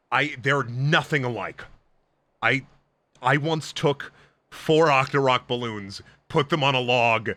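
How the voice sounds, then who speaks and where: A man's voice: mid-range voice, pushed and bright, no room sound. A young man streaming, ranting emphatically and swearing heavily in casual talk.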